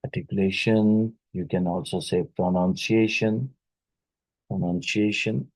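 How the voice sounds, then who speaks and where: A man with an Indian English accent teaching exam questions, repeating key words and filling pauses. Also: low voice, fairly even intonation, a little mellow, husky, no echo, poor audio. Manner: slow, repeats key words, many fillers. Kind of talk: exam question-and-answer lecture.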